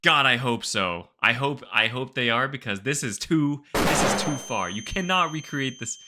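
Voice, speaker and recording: A man's voice: medium pitch, moderate pace, very noisy. A man hosting a reaction video, commenting casually in an incredulous, stammering way with nervous laughs. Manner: animated, incredulous, stammering exclamations.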